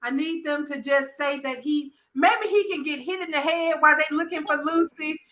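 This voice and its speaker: A woman with a Southern American accent, hosting a casual soap opera chat and acting out characters' lines in a profane, animated way. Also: sits high, moderate pace, echoey room, poor audio. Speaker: podcast host.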